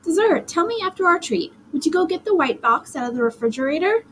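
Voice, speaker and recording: A woman's voice: very high voice, very animated, fast talker, fairly bright tone, a little hiss or hum, voice pushed up, heavily acted. A woman reading aloud, voicing an affectionate young mother in a sweet, lilting tone.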